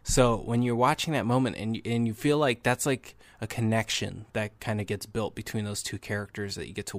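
A young man talking through movie reviews on his podcast, eager and rambling, with plenty of fillers and restarts. His mid-pitched voice is recorded close and dry, with no room sound. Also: a bit bright, no room sound. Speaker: podcast host.

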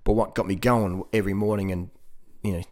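A man's voice: fairly low pitch, steady tone, fairly quick, a little mellow. A man with an Australian accent talking casually and motivationally, often repeating words and laughing. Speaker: vegan cycling advocate.

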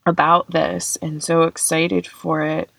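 Slow, gravelly-voiced woman podcaster. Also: low-pitched, level tone, fairly bright tone, no room sound. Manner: earnest, emotional, many fillers. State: tearing up. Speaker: podcast host. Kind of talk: reflective solo podcast.

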